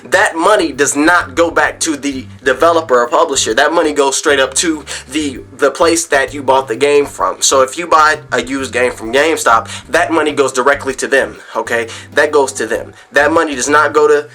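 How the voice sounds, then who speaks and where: A man's voice: mid-range voice, normal speed, hardly any pauses, bright, forceful tone. A man vlogging about gaming and tech in a casual rant to camera at home, rambling with frequent restarts and repeated words.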